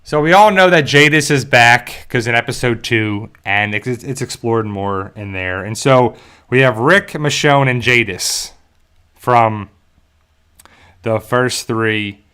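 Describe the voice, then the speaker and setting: A man from South Jersey in the US hosts a casual fan discussion on his channel. His voice sits at a middle pitch, and he rambles through fillers and restarts as he talks straight to his viewers. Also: slow, pushed and bright, clean tone. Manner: addresses viewers directly. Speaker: YouTube show host.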